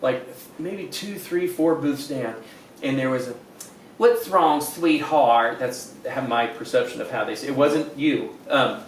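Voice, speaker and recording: A man's voice: mid-range voice, normal speed, slight background noise. A man casually telling how he met his wife, rambling and repeating words as he acts out what people said. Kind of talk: casual storytelling. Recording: roomy echo, distant mic.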